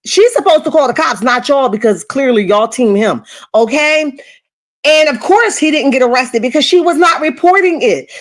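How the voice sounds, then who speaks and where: Woman, gossip commentary host, emphatic and chatty, slightly high voice. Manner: animated, emphatic, repeats okay and right.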